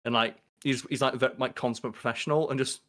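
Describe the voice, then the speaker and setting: Animated man on a casual podcast. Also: medium pitch, fast. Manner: animated, swears freely, acts out quoted lines. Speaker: podcast co-host.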